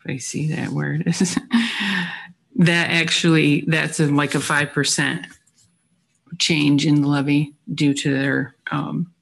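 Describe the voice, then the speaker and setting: Gravelly voice, very slow pace, meeting presentation, halting, self-deprecating. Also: medium pitch, fairly even intonation, fairly bright tone. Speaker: county official presenting budget figures.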